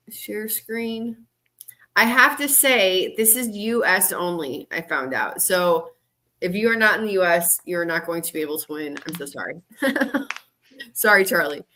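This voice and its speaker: A woman's voice: lowish voice, sharp tone. A woman moderating and co-hosting a casual livestream, chatty and laughing often.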